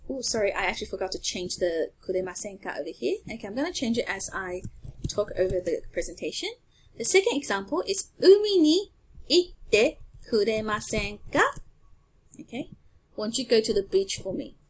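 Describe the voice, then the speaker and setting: A woman teaches a language lesson over slides, speaking clearly and patiently and pausing so learners can repeat after her. Her voice is medium in pitch and expressive.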